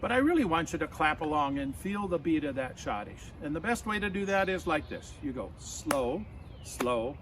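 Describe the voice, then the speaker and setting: A man with a slightly high voice tells a friendly story outdoors in a backyard. Faint traffic and street sounds hum in the background of the recording. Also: big pitch swings, fairly quick, hardly any pauses. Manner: friendly, leads a clap-along. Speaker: storyteller and folk musician. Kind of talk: storytelling to children.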